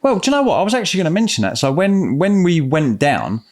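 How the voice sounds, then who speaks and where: A man's voice: high voice, very animated, fast talker. A man, chatting casually on a podcast as host, swearing freely in laid-back banter. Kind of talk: casual chat.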